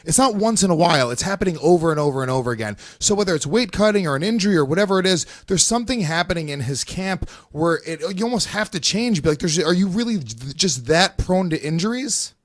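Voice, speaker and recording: A man's voice: high voice, expressive, fast talker, few pauses, dry recording. A man co-hosting a podcast in casual chat, loose and rambling, often restarting his sentences. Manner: loose, rambling, self-correcting. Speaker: podcast co-host.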